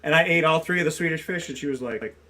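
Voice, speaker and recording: A man co-hosting a podcast tells a funny story in a casual way. His voice sits a touch high, and he laughs and restarts often as he goes. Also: quick pace. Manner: animated, laughing, frequent restarts. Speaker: podcast co-host.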